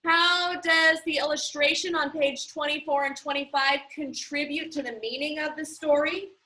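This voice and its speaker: High bright-voiced teacher explaining patiently. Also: female voice, fairly even intonation, normal speed, low-quality recording. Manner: patient, explaining step by step with frequent "okay?" and "um". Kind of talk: online class instruction.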